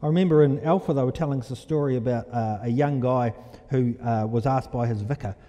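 Man, preacher, sermon, animated, storytelling, mellow tone, long hall reverb. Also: mid-range voice, brisk. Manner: animated, storytelling, asks the congregation questions. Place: church.

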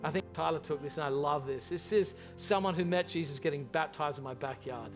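A man preaching a sermon as pastor to a large church congregation, impassioned and animated in his storytelling. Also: fairly high pitch, a little fast, soft background music.

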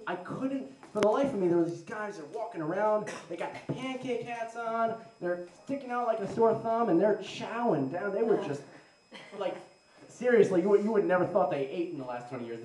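A young adult man doing a rambling, self-deprecating stand-up comedy set, slipping into quick put-on voices of the people he mocks. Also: on the high side, a little mellow. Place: live comedy venue with audience. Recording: roomy live venue, mic picked up from a distance.

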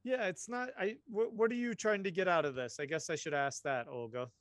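A man acting as game master, narrating in a halting way and calling for dice rolls. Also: sits high, dry recording, clean studio sound. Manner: relaxed, halting narration with fillers, asking players for rolls. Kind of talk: running a tabletop horror game online.

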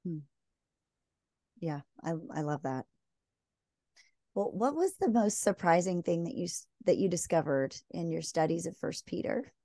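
A woman's voice: on the low side, animated, a little slow, pauses often, dark tone, no echo, clean studio sound. A woman hosting a faith podcast, asking questions and affirming her guest in a casual interview. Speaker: podcast host.

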